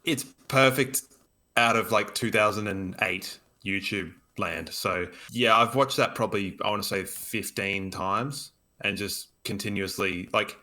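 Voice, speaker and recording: A man's voice: lowish voice, unhurried, bright, forceful tone. A man co-hosting a casual sports podcast, talking in an emphatic, opinionated way. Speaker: podcast co-host.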